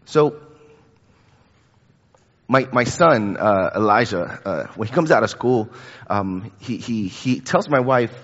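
In a church sanctuary, a man in his thirties delivers a casual, conversational sermon, chatty and full of fillers and repeated words. His voice is fairly low and fairly bright, at a normal speed. The recording is dull and lo-fi, with long hall reverb.

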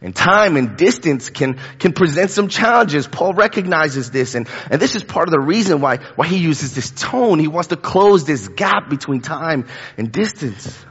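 This thirties-aged preacher sounds a little high and animated, keeping a moderate pace with a fairly bright, breathy edge. His sermon in the church sanctuary is relaxed and talky, peppered with fillers and repeated words. Long hall reverb washes over a dull, lo-fi recording.

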